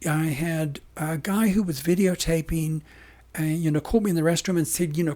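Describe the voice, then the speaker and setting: A man speaking as an interview guest, his voice worn hoarse and warm, mellow in tone. He rambles, circles back and stresses his points with emphatic restarts. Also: fairly high pitch, steady tone, normal speed. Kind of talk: casual interview talk.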